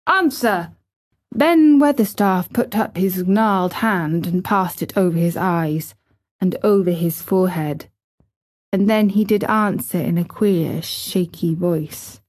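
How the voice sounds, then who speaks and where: A woman reading a classic novel aloud as an audiobook narrator, with measured, expressive storytelling. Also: lowish voice.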